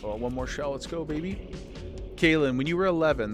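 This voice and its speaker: A man's voice: fairly high pitch, lively intonation, brisk, over music. Rambling male streamer chatting with viewers. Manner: rambling, restarts sentences, talks to chat. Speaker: livestreamer. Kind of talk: casual chat with viewers while gaming.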